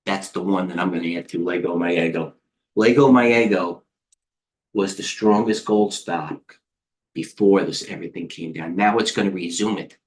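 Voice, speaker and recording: Speaking at a normal speed, this American man, whose voice is slightly low, coaches viewers through a live market session. His talk wanders across ticker after ticker as he becomes more animated and talkative.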